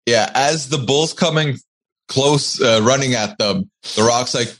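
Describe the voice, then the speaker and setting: A man co-hosting a casual podcast, throwing in quick jokes. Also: medium pitch, a bit bright, poor audio. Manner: joking, quick quips. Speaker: podcast co-host. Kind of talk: casual chat.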